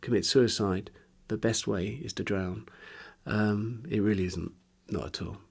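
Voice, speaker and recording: Halting man with a gravelly, husky voice. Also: lowish voice, fairly even intonation. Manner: halting, hesitant, searching for words; earnest and openly emotional. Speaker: musician interviewee. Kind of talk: candid personal interview.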